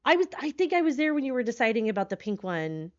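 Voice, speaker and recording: A woman horror streamer chatting live with her viewers, excitable, laughing often and swearing when startled, talking from a hotel room. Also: on the high side, quick pace, dry recording, dull audio.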